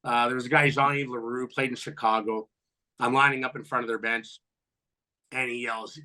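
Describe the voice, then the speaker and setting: A man in his fifties, a former pro hockey player, telling profane locker-room stories as a podcast guest and loudly acting out what people said. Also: mid-range voice, fairly quick. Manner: animated, profane, acts out quotes loudly. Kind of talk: storytelling in a podcast interview.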